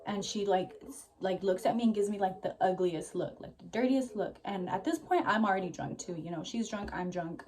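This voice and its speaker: A woman's voice: medium pitch, expressive, brisk, a little mellow. A young woman vlogger telling a story in a rambling, casual way, full of "like" and swearing, a little out of breath. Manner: rambling, heavy use of "like", swears freely.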